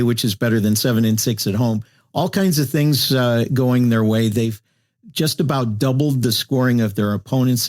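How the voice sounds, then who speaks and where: A man moderating a casual hockey betting chat, steadily running through odds and records. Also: mid-range voice. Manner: steady, lists stats methodically. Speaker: podcast host, moderator. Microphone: remote call mic.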